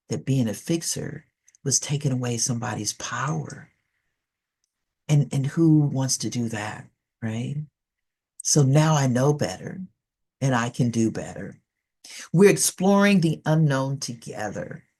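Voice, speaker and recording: A woman's voice: rumbling low, expressive, a little slow, pauses often, mellow, husky. A middle-aged woman giving a conversational presentation as a trainer in an online session, telling stories with animation and coaxing listeners to join in.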